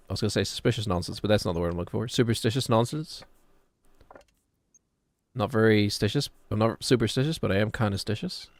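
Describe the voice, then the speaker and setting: A man, streaming a game and chattering casually, rambling and joking as he plays. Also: lowish voice. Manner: rambling, jokey, drifts into put-on British voices.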